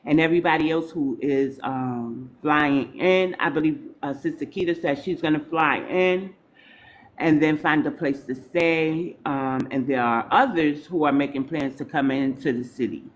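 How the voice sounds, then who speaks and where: A woman's voice: low-pitched, moderate pace, slight background noise. A woman from New York hosting a live stream, talking in a loose, informal, chatty way to her viewers. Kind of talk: casual live stream chat.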